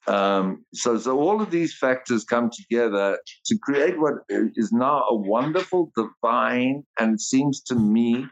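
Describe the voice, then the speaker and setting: A man's voice: mid-range voice, lively intonation, takes it slowly, hardly any pauses, lo-fi sound. A man, co-hosting a podcast in casual chat, rambling and heartfelt, with frequent laughs and restarts. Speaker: podcast co-host.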